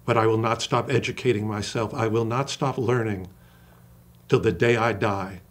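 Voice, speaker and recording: An older man, an acting coach, talking in an interview with passion and slowing down to stress single words. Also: fairly low pitch, steady tone. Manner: passionate, emphatic storyteller who acts out quoted dialogue. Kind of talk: interview conversation.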